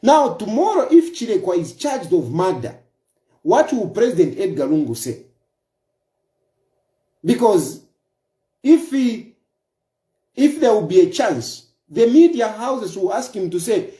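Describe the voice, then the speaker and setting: A man's voice: high-pitched, very animated, measured pace, pauses often, dark tone, reverberant. A man with a Zambian accent giving a political commentary monologue, emphatic, repeating his points and firing off rhetorical questions. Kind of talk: opinion monologue.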